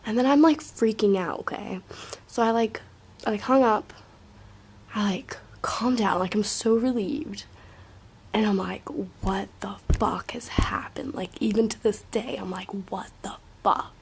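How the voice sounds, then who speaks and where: A young woman tells a rambling story to her camera in a husky, mid-pitched voice. She peppers it with profanity and filler likes, and often sinks into a hushed near-whisper. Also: normal speed.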